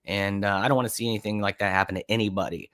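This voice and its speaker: A man's voice: on the low side, flat delivery, racing, a bit bright. A man hosting a live podcast stream, chatting in a laid-back, rambling way as he reacts to clips. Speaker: livestream podcast host. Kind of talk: casual live-stream commentary.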